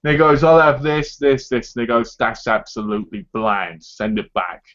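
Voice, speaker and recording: A man's voice: mid-range voice, fairly even intonation, normal speed, a bit bright. A man hosting a casual live chat, talking in a chatty way and acting out other people's lines as he goes. His voice sits in an ordinary middle register. The audio is dull and lo-fi, like a home stream.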